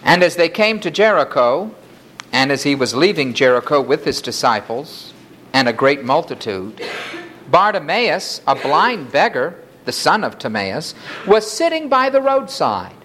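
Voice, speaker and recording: A preacher reads scripture slowly and deliberately, and the pitch swings widely from line to line. Faint room noise sits behind the voice. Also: animated, a bit bright. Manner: reads scripture aloud, raising the voice for quoted cries. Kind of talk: sermon with scripture reading.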